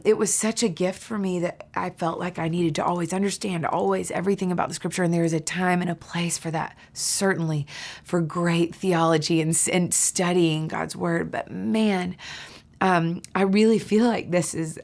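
Woman, low voice, gravelly fry, earnest podcast guest, hushed emphasis. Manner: earnest, drops to a soft whisper for emphasis. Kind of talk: heartfelt conversational sharing.

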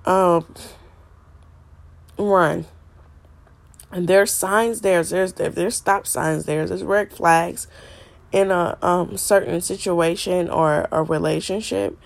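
A woman's voice: lowish voice, fairly even intonation, slow pace, creaky, long pauses. A middle-aged woman hosting a faith podcast, stuffy and congested from a cold, earnestly repeating her points like a preacher. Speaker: podcast host.

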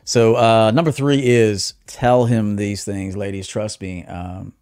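A man hosting a livestream as a dating coach, talking bluntly, swinging from low muttered asides to loud emphatic bursts. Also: flat delivery, takes it slowly, clear, resonant tone, no echo, studio quality. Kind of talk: casual livestream monologue.

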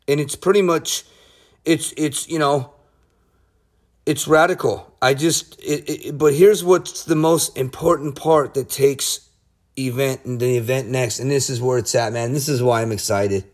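Excitable husky-voiced man teaching the Bible. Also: fairly high pitch. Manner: excited, laughs often, restarts sentences. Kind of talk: casual Bible study talk.

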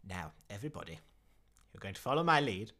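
A man voicing a scrawny old office god who rallies troops with booming shouts. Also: big pitch swings, fast, heavily acted. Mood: rousing. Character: scrawny old office god turned war leader, rousing.

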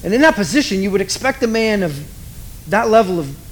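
A man with a rather high-pitched voice delivers a sermon. He tells the story dramatically, pausing to let lines land and repeating phrases for emphasis. A faint hiss sits beneath his voice. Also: lively intonation. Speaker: preacher.

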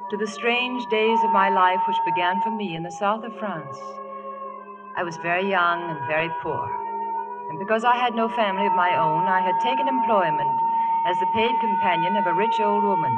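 A woman's voice: mid-range voice, natural voice. An actress playing a shy, poor young woman in a 1940s radio drama, stammering and hesitant, on a dull old radio recording. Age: young adult.

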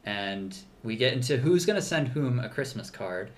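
A man's voice: medium pitch, animated, moderate pace, slight background noise. A man co-hosting a podcast, chatting casually through a show recap, laughing often and restarting his sentences with lots of fillers. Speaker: podcast co-host.

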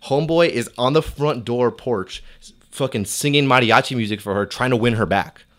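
A man's voice: medium pitch, moderate pace, a bit bright. A young man telling a long story in casual, profane chat, with many "like"s and quoted dialogue. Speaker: storyteller guest.

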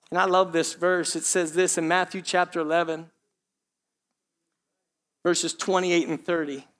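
High-voiced pastor preaching. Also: male voice. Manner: swings between hushed and loud, addresses the congregation as church. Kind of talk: sermon.

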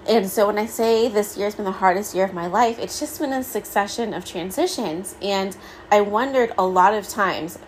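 A woman's voice: medium pitch, moderate pace, slight background noise, poor audio. A woman in her thirties hosting a solo podcast, talking candidly and casually with many "like" fillers. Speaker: podcast host.

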